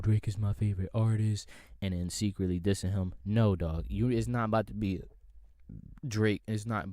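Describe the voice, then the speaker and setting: A man's voice: deep voice, dry recording. A young man hosting a podcast, delivering a heated, profane music rant with exasperated energy. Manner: animated, profane, exasperated ranting. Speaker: podcast host.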